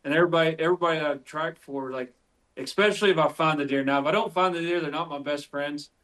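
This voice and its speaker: A man's voice: on the high side, fast, fairly bright tone. A man from West Virginia, a podcast guest, telling tracking stories in a rambling way full of fillers. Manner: rambling, filler-heavy storytelling. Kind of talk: casual chat.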